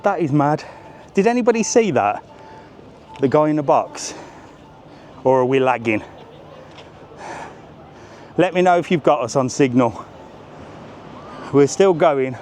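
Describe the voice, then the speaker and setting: A man's voice: a little high, a little mellow. A man live-streaming a walking tour, talking casually and joking, with the odd swear word. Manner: chatty, jokey, swears casually. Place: outdoors on a busy resort seafront. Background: faint street and traffic noise.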